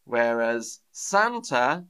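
A man teaching English on a live stream, slowly repeating phrases for learners and reading out viewers' comments. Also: medium pitch, big pitch swings, pushed and bright, smooth.

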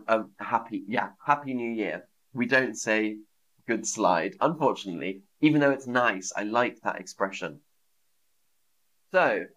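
A man teaching English on a live stream, slowly repeating phrases for learners and reading out viewers' comments. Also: mid-range voice, fairly bright tone.

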